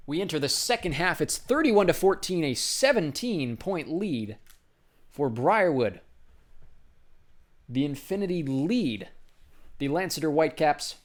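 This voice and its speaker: A man doing basketball play-by-play commentary, briskly calling each pass and lifting his voice on big shots. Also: on the high side, big pitch swings.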